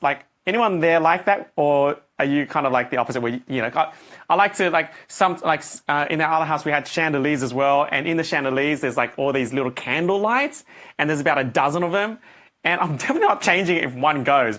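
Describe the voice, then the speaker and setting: A middle-aged man leads a coaching session, telling a story and acting out the voices and reactions in it. His voice sits fairly high for a man and climbs sharply when he gets worked up. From Australia. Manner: animated, acts out his own reactions and voices.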